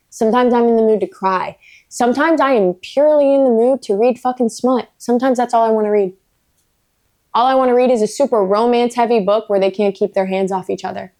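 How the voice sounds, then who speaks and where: A woman's voice: on the high side, darkish tone. Blunt, swearing woman book vlogger. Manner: blunt, emphatic, swears freely; playful, self-mocking asides. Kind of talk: casual vlog rant.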